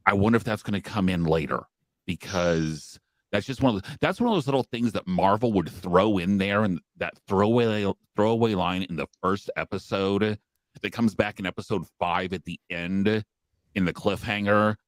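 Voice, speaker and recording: A man co-hosting a podcast, talking casually with hesitant pauses and fillers. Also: deep voice, no room sound. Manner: hesitant, many ums. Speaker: podcast co-host. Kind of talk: casual discussion.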